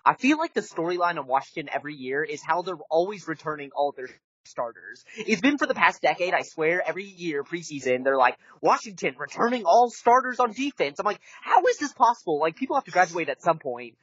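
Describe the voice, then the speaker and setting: Man, animated, rambling, slightly high voice, dry dull close audio. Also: fast, breathy edge, no room sound. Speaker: podcast co-host. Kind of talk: casual sports-betting chat. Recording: dry, muffled close-mic podcast audio.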